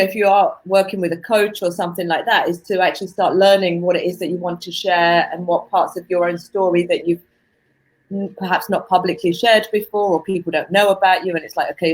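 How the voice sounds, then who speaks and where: A woman guest on a casual video-call interview, an author and artist coach who talks thoughtfully and pauses to find her words. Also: on the low side, poor audio. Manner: thoughtful, searches for words, restarts.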